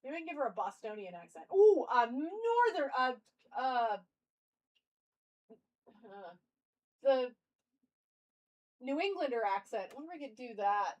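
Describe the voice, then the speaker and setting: Rambling woman streamer, slightly high voice. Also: expressive, moderate pace, pauses often, low-quality recording. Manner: rambling, musing aloud. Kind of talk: casual live-stream chat.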